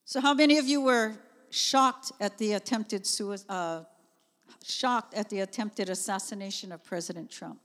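A middle-aged woman, preaching a sermon in a conversational, animated way with chatty asides. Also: mid-range voice, normal speed. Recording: long reverb of a church hall.

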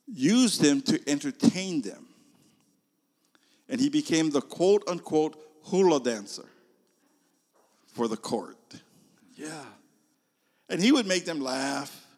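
Man preaching in a church hall, lively, slightly high voice, long echo. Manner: animated storyteller, swings from loud to hushed. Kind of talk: storytelling sermon.

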